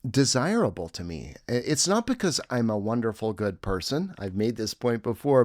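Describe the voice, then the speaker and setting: A man's voice: mid-range voice, no room sound, studio quality. A man giving a reflective teaching talk with a breathing exercise, earnest and musing, with audible exhaled sighs. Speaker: self-help teacher.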